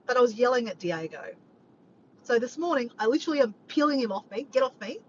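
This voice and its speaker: Aussie woman ranting to her followers, kinda high, voice jumps all over, slightly muffled mic. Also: quick pace. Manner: animated, swears often, keeps addressing "guys". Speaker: vlogger doing a live stream. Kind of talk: rambling casual chat to viewers. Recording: slightly muffled, faint background noise.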